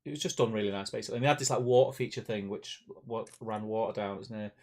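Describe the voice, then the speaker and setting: A man from Manchester, England, co-hosts a casual live stream about tabletop wargaming. His voice is on the low side with a darkish tone, and he races along, rambling, restarting sentences and laughing often.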